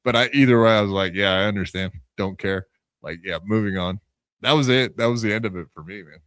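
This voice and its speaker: A man's voice: on the low side, brisk, fairly bright tone, clean tone, no echo. A man co-hosting a podcast, telling a story in a dismissive, sarcastic way with plenty of swearing. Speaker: podcast co-host. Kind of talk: casual podcast chat.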